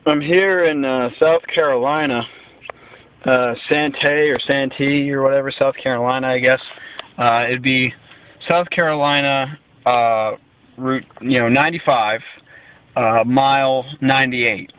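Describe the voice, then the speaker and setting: A man's voice: medium pitch, fairly even intonation, measured pace, clear, resonant tone. A man giving a casual vlog update from a gas station stop, rambling with lots of fillers. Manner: rambling, many fillers and restarts. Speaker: road-trip vlogger. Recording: dull lo-fi sound.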